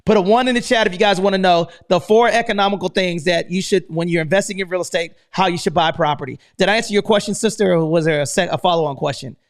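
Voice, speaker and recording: An American man hosting a live online room, talking in a hyped, loud, energetic way and saying "man" after almost every line. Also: sits high, quick pace, hardly any pauses. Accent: American English. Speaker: host.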